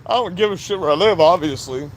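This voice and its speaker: A middle-aged man from Florida, USA, vlogs a blunt, profane, casual rant to the camera. His high-pitched voice is animated and fast, with background noise audible.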